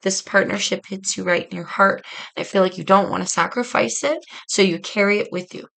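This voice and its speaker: A woman's voice: medium pitch, fairly even intonation, brisk, creaky, a bit bright, poor audio. A woman reading tarot cards for her viewers in a casual, earnest, reflective way, speaking straight to them. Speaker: tarot reader.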